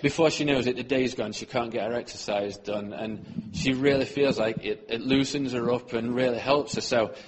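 A man with a husky, slightly breathy voice tells an earnest testimony as part of a sermon. His speech is mid-pitched for a man, and he often lets his sentences fade away softly. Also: fairly even intonation, normal speed, few pauses. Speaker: church speaker.

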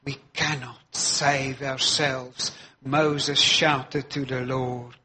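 Slow, emphatic male preacher. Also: medium pitch, little pitch movement, sharp tone, a little hiss or hum. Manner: emphatic, repeats key phrases for weight. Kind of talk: sermon.

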